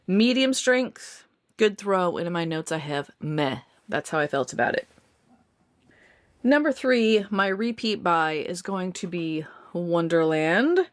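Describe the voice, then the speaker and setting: A woman's voice: fairly low pitch, very animated, slow pace, dry recording, studio quality. A woman chatting casually as she reviews candles, saying y'all and often restarting her words.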